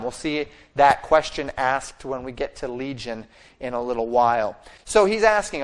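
A man's voice: mid-range voice, unhurried. A man preaching a sermon that explains a scripture passage line by line and acts out the quoted speech. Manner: expository preaching with fillers and restarts, acting out quoted speech. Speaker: pastor.

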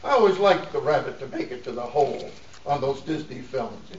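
This middle-aged preacher keeps his church sermon folksy and full of jokes, often breaking into laughter between points. He speaks briskly in a mid-range voice with lively intonation, and the distant recording carries a dull, echoing room tone.

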